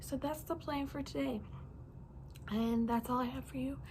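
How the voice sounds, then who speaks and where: A woman's voice: sits high, fairly even intonation, moderate pace, a little mellow, a little hiss or hum. Bubbly, rambling young woman. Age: young adult. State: sleepy, yawning. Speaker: reading vlogger. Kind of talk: casual chat.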